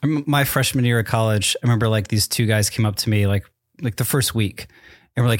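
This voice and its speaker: A man's voice: lowish voice, quick pace, no echo, studio quality. A man who trained as an actor, chatting casually and rambling with lots of "like" fillers. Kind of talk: casual chat.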